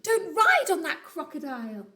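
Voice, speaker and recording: A woman voicing a small, cheerful male bird who sings out his warnings in a high, calling voice. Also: huge pitch swings, moderate pace, pushed and bright, exaggerated voice. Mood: urgent. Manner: sing-song, high calling cries.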